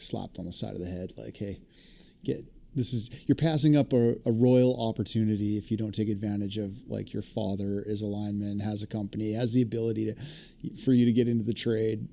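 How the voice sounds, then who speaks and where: A man hosting a trade podcast in an easygoing chat. His voice is dark and mellow with a rough fry, and he sits low in pitch. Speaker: podcast host. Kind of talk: casual interview chat.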